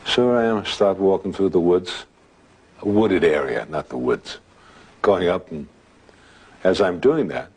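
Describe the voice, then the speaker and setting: A man telling a ghost anecdote in a relaxed, halting way, with restarts and filler sounds. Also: low-pitched, slightly rough. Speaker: guest telling a story. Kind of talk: anecdotal storytelling.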